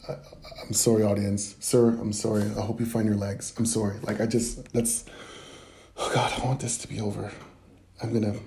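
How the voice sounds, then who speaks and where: Gravelly man ranting comically. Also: mid-range voice, warm tone. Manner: rambling, flustered, apologetic asides; mock-earnest preaching rants. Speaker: comedian. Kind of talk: comedic monologue to camera.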